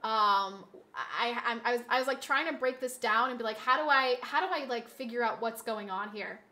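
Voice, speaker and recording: Streamer lady chatting w her viewers, kinda rambly, keeps restarting sentences, high bright voice. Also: normal speed. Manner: rambling storytelling with many restarts and repeats. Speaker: live streamer. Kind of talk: casual chat with viewers. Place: indoors at home streaming setup.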